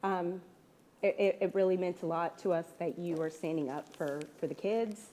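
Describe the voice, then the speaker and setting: A woman's voice: on the low side, steady tone, moderate pace, dark tone. Nervous hesitant mother. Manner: hesitant, many fillers and restarts. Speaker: parent speaking at public comment. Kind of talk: nervous public comment.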